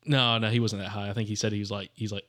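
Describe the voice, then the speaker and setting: A man's voice: fairly low pitch, little pitch movement, fast, a bit bright. A man telling a hunting story in casual podcast chat, rambling with plenty of fillers. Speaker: podcast co-host.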